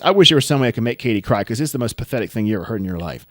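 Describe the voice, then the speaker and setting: A man co-hosting a podcast, telling a story in a casual, rambling, self-deprecating way that turns animated. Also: mid-range voice, quick pace, no echo, studio quality. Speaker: podcast co-host.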